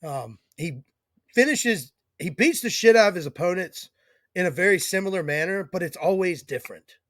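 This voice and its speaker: Male podcast host, somewhat high voice, dry close sound, profane banter. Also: expressive, normal speed, a bit bright, no echo. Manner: profane, joking. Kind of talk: casual chat.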